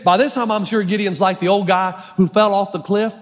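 A man's voice: high voice, steady tone, a little fast. A male pastor preaching a sermon, storytelling and emphatic, with long hall reverb. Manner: storytelling, emphatic, varies his pace.

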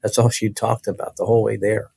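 A man recounting a personal testimony as a guest, earnest and halting, often restarting his sentences. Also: lowish voice, flat delivery, gravelly, warm tone, breathy edge, no room sound.

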